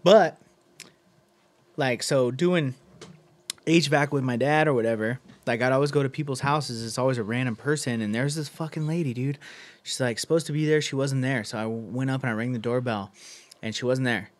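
A young man chatting on a podcast, telling stories in an animated way, full of slang and cursing. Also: medium pitch, moderate pace. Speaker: podcast co-host. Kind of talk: casual chat.

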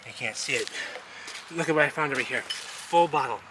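A man vlogging outdoors, narrating as he digs through ruins, rambling and excitable and repeating himself. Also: medium pitch, a little fast. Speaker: vlogger exploring urban ruins. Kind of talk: casual outdoor vlog narration. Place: outdoors in a wooded city lot. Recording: noisy outdoor camera audio.

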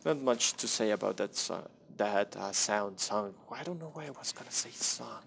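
A man's voice: mid-range voice, normal speed, creaky, hardly any pauses, slightly rough. A young man casually commenting on his own gameplay, rambling, self-deprecating and swearing at the game.

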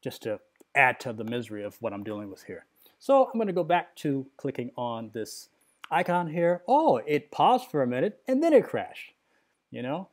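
A man's voice: mid-range voice, sing-song, moderate pace, darkish tone. Agitated middle-aged man ranting to viewers. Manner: agitated, rambling, addresses viewers directly; frequent tag questions and fillers. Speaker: computer user demonstrating a software crash. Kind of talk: screen-recording rant.

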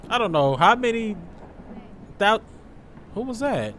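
A man's voice: sits high, sing-song, a little slow, slight background noise. Joking young male game streamer. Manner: loud, joking, reacting with slang. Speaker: gaming streamer. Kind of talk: let's-play commentary.

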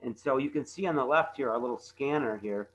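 Halting man presenting conservation slides. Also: mid-range voice, a little hiss or hum, low-quality recording. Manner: halting, repeats words, many fillers.

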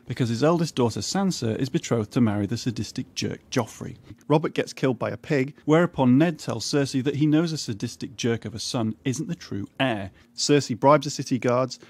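A man's voice: mid-range voice, breathy edge. Wry man narrating a comic recap. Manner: wry, irreverent, deadpan asides. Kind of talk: scripted comedic recap narration.

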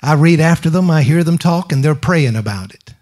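This middle-aged preacher speaks fairly quickly and with animation, his slightly high voice carrying a darkish tone. He hammers rhetorical questions, repeats phrases, and prompts the congregation to respond.

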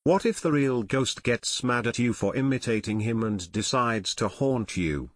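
A man's voice: mid-range voice, lively intonation, moderate pace, dry recording, studio quality, lightly acted. A man voicing a teasing teenage boy. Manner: teasing, chuckling. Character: teasing teenage boy detective, younger brother.

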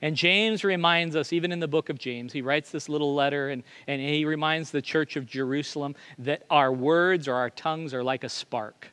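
Bright-voiced confessional male pastor. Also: fairly high pitch, moderate pace, hardly any pauses, clean tone. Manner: confessional, self-deprecating, frequent stammered restarts. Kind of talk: sermon.

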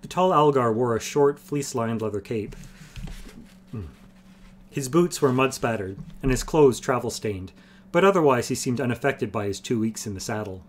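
A man reading a fantasy novel aloud on a stream, in a steady, measured storytelling voice. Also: mid-range voice, a little hiss or hum. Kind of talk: audiobook-style narration.

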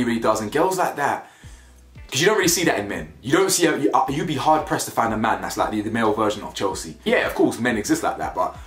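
A man's voice: medium pitch, fairly bright tone. Blunt man ranting casually. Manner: blunt, slangy, repeats himself for emphasis. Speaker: reality TV reviewer. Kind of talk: casual opinionated commentary. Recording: echoey room with faint music.

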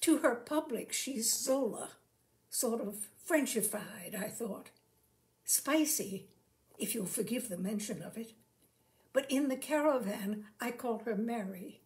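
A woman's voice: a little high, lively intonation, takes it slowly, darkish tone. A woman voicing a shy, polite young man who travels as a showman, speaking in rustic, folksy turns of phrase.

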